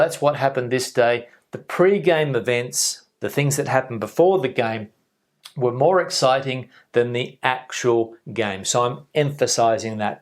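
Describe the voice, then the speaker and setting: A man teaching an English vocabulary lesson, patiently repeating example sentences and checking in with "okay?". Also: mid-range voice. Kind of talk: video lesson explaining vocabulary.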